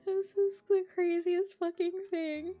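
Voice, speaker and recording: A woman with an Australian accent chatting casually on a livestream, giggly and excitable, swearing freely. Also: very high voice, slow pace, faint music behind. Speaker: streamer.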